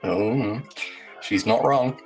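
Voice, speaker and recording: A man with a lowish voice reads his blog post to a group on a video call. He breaks up the text with sarcastic jokes and quick asides. Faint music sits behind him. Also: rough recording. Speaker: host.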